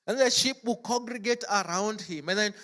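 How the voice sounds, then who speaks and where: A man's voice: high voice, normal speed, bright, forceful tone. A man preaching a sermon in a church, telling stories in a chatty way full of "like" and "as it were". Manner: chatty storytelling, frequent "like" and "as it were". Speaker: pastor.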